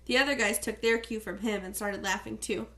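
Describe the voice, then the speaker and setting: A woman's voice: medium pitch, steady tone, fairly quick, bright, forceful tone. Woman narrating a first-person novel. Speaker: audiobook reader.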